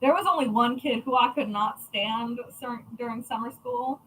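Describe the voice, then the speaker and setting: Bright, high-voiced woman chatting bluntly. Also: normal speed, slight background noise, rough recording. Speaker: crafting channel host. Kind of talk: casual chat to viewers.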